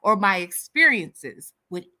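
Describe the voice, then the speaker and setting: A woman's voice: medium pitch, big pitch swings, takes it slowly, pushed and bright. A woman hosting a casual livestream chat, answering viewer comments with sassy, candid banter. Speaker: livestream host.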